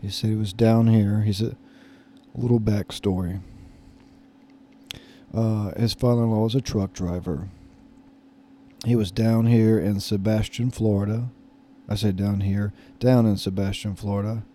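A man's voice: on the low side, steady tone, measured pace, pauses often, dark tone, a little hiss or hum. A man in his thirties casually telling a story, rambling and hesitant with many fillers and restarts. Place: lives in Florida.

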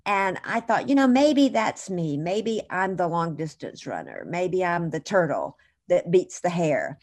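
A woman guest in an interview, telling a long story in a chatty, digressive way and correcting herself as she goes. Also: fairly low pitch.

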